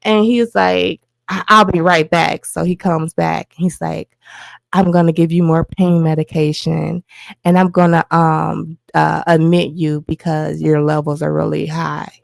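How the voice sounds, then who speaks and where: Appearing as a guest, the host's wife tells a personal story in an animated way, acting out the lines of the people involved. Her voice is low, gravelly and a little slow, with no room sound.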